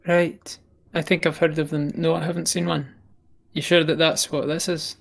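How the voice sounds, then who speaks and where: A man playing in a tabletop role-playing game, speaking in a measured, polite way. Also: fairly high pitch, little pitch movement, creaky, fairly bright tone. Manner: measured, polite in-character speech. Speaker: player.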